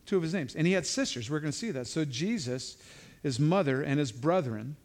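A man's voice: a little high, lively intonation, a little fast. A man giving an informal verse-by-verse Bible teaching, talking conversationally with frequent asides and restarts.

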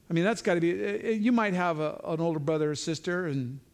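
With a fairly high-pitched voice, a man teaches the Bible verse by verse in an informal way. He talks conversationally, often going off on asides and restarting his thoughts.

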